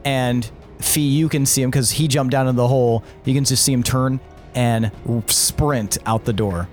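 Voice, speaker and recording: A man's voice: mid-range voice, moderate pace, faint music behind. A man running a tabletop game, narrating casually and laughing often. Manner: relaxed, laughing, loose. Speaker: game master.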